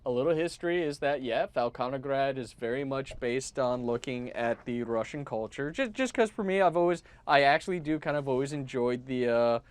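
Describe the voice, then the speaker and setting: A man's voice: medium pitch, expressive, a little fast, few pauses, smooth, no room sound. A man who runs tabletop games, chatting casually and enthusiastically on a stream, with plenty of restarts. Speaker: game master.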